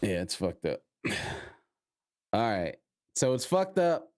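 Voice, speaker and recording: A man in his thirties co-hosting a podcast, speaking in an earnest, reflective, halting way in casual chat. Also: on the low side, sing-song, darkish tone, no room sound, clean studio sound. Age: 30s. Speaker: podcast co-host.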